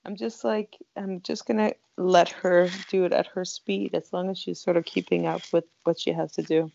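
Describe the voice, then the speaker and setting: A woman's voice: on the low side, fairly even intonation, normal speed, creaky, dark tone, a little hiss or hum. A middle-aged woman co-hosting a podcast, chatting casually and teasing her partner, often laughing. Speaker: podcast co-host. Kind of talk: casual chat. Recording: dull lo-fi sound.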